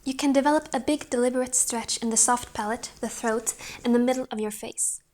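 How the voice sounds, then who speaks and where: A woman reading a voice-training book aloud in a calm, measured way, with the occasional restart. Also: a little high.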